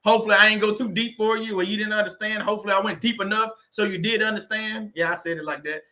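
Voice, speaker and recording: A man's voice: high voice, steady tone, quick pace, pushed and bright. A man hosting a casual livestream, laughing often and reading viewers' comments aloud. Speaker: livestream host.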